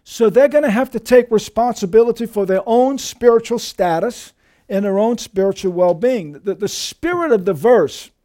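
A man preaching a sermon as pastor, emphatic and lively, often calling his listeners dear friends. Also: normal speed. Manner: emphatic preaching with lively shifts in pitch and volume.

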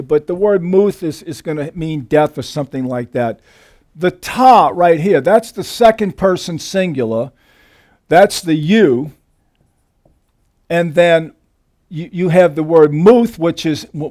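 A man's voice: fairly high pitch, a little mellow. Man preaching an emphatic Bible-teaching sermon. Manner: explanatory teaching, emphatic on key phrases.

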